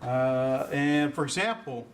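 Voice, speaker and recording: A man with a medium-pitched voice speaks slowly while teaching a Greek class. His lecture style is casual and informal, full of filler words and questions aimed at his students. The recording is faint and noisy, taken from a distant microphone.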